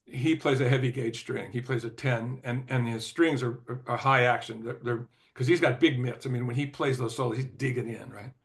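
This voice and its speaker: An older man, a former record executive, telling stories as an interview guest in a loose, rambling way, with lots of "you know" and throat clearing. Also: medium pitch, fairly even intonation, moderate pace, hardly any pauses. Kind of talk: casual anecdotal storytelling.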